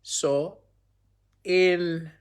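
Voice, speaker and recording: Young man, slightly higher voice, loose rambling storyteller who keeps asking viewers if they follow. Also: steady tone, very slow, clean tone. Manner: rambling, repeats phrases, checks in with viewers. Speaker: storyteller on a livestream. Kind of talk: casual livestream storytelling.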